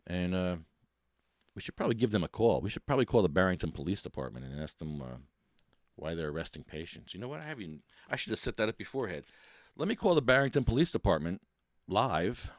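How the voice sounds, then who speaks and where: A man's voice: sits low, sing-song, quick pace, no room sound, clean studio sound. A man hosting a casual solo podcast, rambling and poking fun at himself, with lots of restarts. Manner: rambling, self-deprecating, with frequent restarts. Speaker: podcast host.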